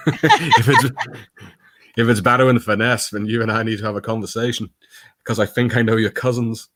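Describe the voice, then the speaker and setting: A man co-hosting a casual live stream, sardonic and sweary with quick asides. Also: lowish voice, steady tone, fairly bright tone, no room sound. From England. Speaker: co-host. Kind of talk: casual banter.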